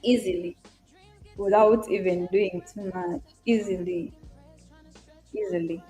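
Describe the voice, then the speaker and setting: Young East African woman, live-stream host, chatty and direct with her audience, mellow tone. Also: medium pitch, fairly even intonation, takes it slowly, faint music behind. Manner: chatty, greets viewers by name and reads comments aloud. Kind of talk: casual live-stream chat.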